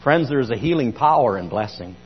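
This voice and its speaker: A man preaching a sermon in church as pastor, telling stories with emphasis and bursts of loud speech. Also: mid-range voice, expressive, fairly quick, husky, long reverb tail, lo-fi sound, soft background music. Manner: emphatic storyteller, rising to loud outbursts.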